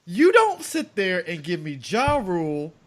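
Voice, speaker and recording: A man co-hosting a podcast in casual banter, animated and profane, often laughing. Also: sits high, unhurried. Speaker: podcast co-host.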